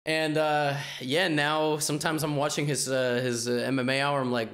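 A man hosting a podcast in casual chat, laid-back and quick to laugh, using casual slang. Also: a little high, little pitch movement, a bit bright. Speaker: podcast host.

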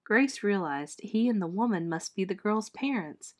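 A woman teacher reading a children's chapter book aloud with clear, expressive storytelling. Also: mid-range voice, normal speed.

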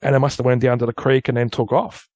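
A man with an Australian accent, a guest telling a long story in a rambling, casual way that turns animated at the tense parts. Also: mid-range voice, quick pace, no room sound. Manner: rambling, loose storyteller who grows animated at tense moments. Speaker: guest recounting an encounter.

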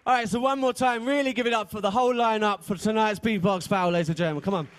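A man's voice: high-pitched, fast talker, a little hiss or hum. A man emceeing a live beatbox event on stage, chatty and joking as he hypes the crowd. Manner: hyping the crowd, chatty and jokey. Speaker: event host.

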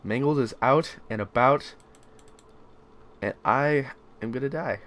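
A young man giving let's play commentary on a horror game, yelling, swearing and panicking in fright. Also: mid-range voice, unhurried, a little hiss or hum. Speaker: gamer.

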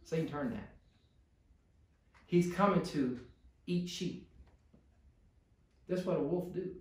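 Male pastor preaching, high-pitched voice, heavy church-room echo, pleading sermon delivery. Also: takes it slowly, distant mic. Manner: preaching with rising, pleading intensity. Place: church sanctuary.

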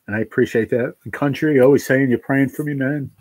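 A man hosting a livestream, crying and thanking his viewers in a heartfelt, halting way. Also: medium pitch, fairly even intonation, darkish tone, no echo. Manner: tearful, heartfelt, halting with restarts. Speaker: livestream host reading chat. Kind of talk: emotional livestream chat.

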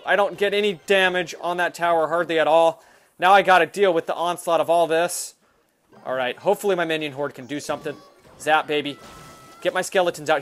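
A hyper young man hosts a gameplay video and talks through each move as it happens. His voice sits fairly high for a man and often leaps into loud bursts. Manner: excitable and hyper, quick swings into yelling. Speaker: mobile game video host. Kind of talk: live gameplay commentary.

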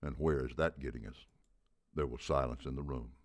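A man with an extremely low, deep voice reads a story aloud. His narration is measured, and he slows down to land key details. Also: fairly even intonation.

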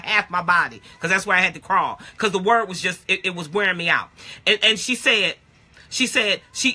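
A middle-aged woman preaching a livestream prayer with a husky, bright edge to her voice. Her pitch swings widely as she moves from quiet confession to shouted declarations. She talks in casual church vernacular and keeps circling back to the same refrain. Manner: passionate, call-and-response preaching with repeated refrains. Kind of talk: live prophetic prayer and teaching. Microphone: phone or webcam livestream.

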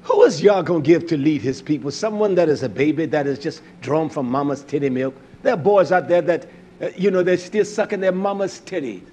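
Fiery preacher man, low mutters to shouts. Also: lively intonation, brisk, slightly rough. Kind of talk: sermon.

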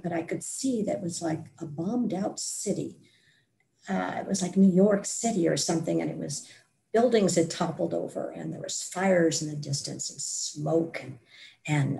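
A woman who is a podcast guest tells a personal story in a lively, self-mocking way, laughing now and then. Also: fairly low pitch, creaky.

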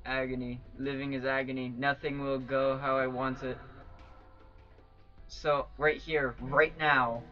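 A man reading a gloomy, despairing crooked ghost man in a game, slow and brooding. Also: medium pitch, little pitch movement, natural voice. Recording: dull lo-fi with faint game music.

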